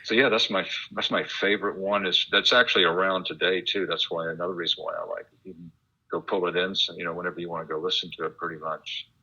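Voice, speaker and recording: A low-voiced man chats as an interview guest, animated and talkative. His tone is sharp and bright. The sound is dull and lo-fi, like internet call audio. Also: quick pace, slightly rough. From United States. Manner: chatty, animated, laughs while imitating sounds. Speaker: guest, radio enthusiast and author. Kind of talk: casual interview conversation.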